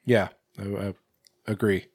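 A man's voice: lowish voice, fairly even intonation, unhurried, darkish tone, husky, no echo, studio quality. A man co-hosting a casual podcast chat, rambling with many fillers and restarts. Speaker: podcast co-host.

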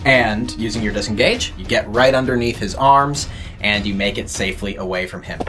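A game master narrates a tabletop role-playing game, describing actions and calling rolls. The voice sits at a middle pitch, with faint music underneath. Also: brisk, fairly bright tone. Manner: descriptive and procedural.

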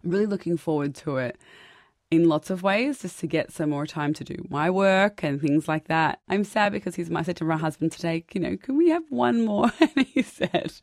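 A woman's voice: lowish voice, expressive, normal speed, darkish tone, no room sound, clean studio sound. A woman in her thirties hosting a podcast, chatting casually, laughing often and restarting her sentences. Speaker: podcast host. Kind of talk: casual conversational interview.

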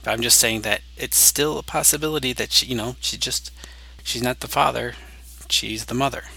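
Rambling American man with a gravelly voice. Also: mid-range voice, moderate pace, bright, forceful tone, low-quality recording. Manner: rambling, eager fan theorizing. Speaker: podcast co-host. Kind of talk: casual chat.

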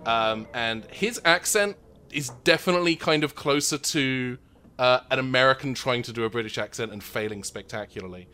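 A man's voice: medium pitch, bright, forceful tone, a little hiss or hum. A man from Seattle narrating a tabletop role-playing game as game master, with many ums and restarts. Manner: halting, full of ums and restarts.

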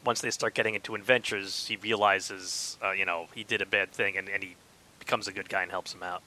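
A man co-hosting a casual movie podcast, animated and quick to laugh. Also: low voice.

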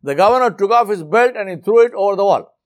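Animated and quick, this man preaches by telling a story, voicing each of its characters himself and going quieter and lower to deliver the moral.

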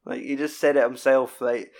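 Guy talking films, swears a lot, goes off on tangents, normal pitch. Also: flat delivery, darkish tone. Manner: sweary, rambling, quick bursts. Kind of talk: casual chat.

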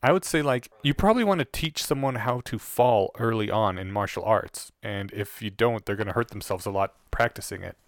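A man co-hosting a podcast in casual discussion, explaining his points plainly and in a measured way. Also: lowish voice, dry recording, clean studio sound. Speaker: podcast co-host.

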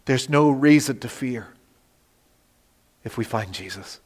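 A man preaching a sermon as pastor, moving between loud emphasis and soft, near-whispered lines. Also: medium pitch, takes it slowly, breathy edge. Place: church sanctuary. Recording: long reverb of a church hall.

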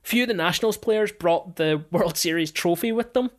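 A woman's voice: fairly low pitch, normal speed. A woman hosting a casual sports podcast, telling stories chattily and laughing often. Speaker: podcast host.

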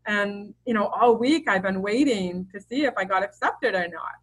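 A woman's voice: mid-range voice, moderate pace, rough recording. Chatty woman telling stories openly. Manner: open, chatty storyteller with many fillers and restarts. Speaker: podcast guest. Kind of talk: casual interview conversation.

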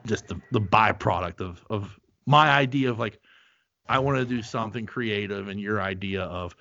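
Middle-aged man, podcast host, low voice, rambling casual chat, dry dull-sounding recording. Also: moderate pace, vocal fry, sharp tone, dry recording. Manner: rambling, profane, lots of fillers.

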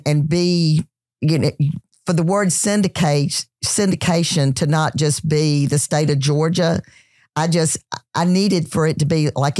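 A woman's voice: low voice, no echo. Southern woman chef, dry close sound. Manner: animated, many restarts and "you know"s. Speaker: celebrity chef and entrepreneur, guest. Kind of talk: casual interview storytelling.

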